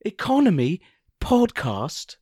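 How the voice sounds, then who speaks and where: A man's voice: sits high, huge pitch swings, takes it slowly, dark tone, breathy edge, no room sound, studio quality. A man co-hosting a comedy podcast, teasing his partner in casual, sweary banter. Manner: teasing, swears freely, breaks into laughter. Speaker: podcast co-host.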